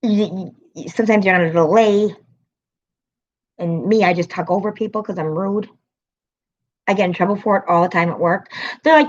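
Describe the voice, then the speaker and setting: A woman's voice: mid-range voice, steady tone, normal speed, long pauses, dull audio. A woman hosting her own livestream in casual chat, rambling, laughing often and swearing freely. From American city. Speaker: livestream host.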